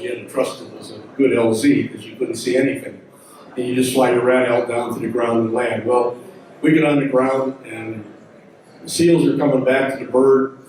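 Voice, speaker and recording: An older man with a mellow, dark voice tells war stories to an audience, folksy and rambling, often stopping to back up. He is heard from well back in a large, strongly echoing hall. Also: medium pitch, slight background noise. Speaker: symposium speaker, veteran helicopter pilot. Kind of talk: storytelling talk to an audience. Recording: echoey hall recording from far off.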